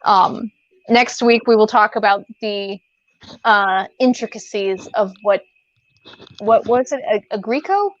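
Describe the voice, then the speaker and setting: A woman's voice: medium pitch, measured pace. Rambling woman on a dull lo-fi mic. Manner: rambling, many fillers and restarts. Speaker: podcast co-host. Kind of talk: casual chat. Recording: dull lo-fi sound.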